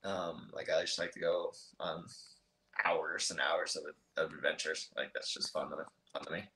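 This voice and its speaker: A man's voice: very deep voice, flat delivery, normal speed, sharp tone. A young man in his twenties, a podcast guest, chatting casually and hesitantly with many ums and restarts. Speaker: guest, motocross racer. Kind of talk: casual interview chat. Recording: roomy echo.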